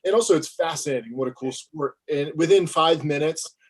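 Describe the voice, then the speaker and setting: A man, a filmmaker, telling a story in an interview with lively, self-mocking energy and acted-out dialogue. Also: on the high side, brisk, breathy edge.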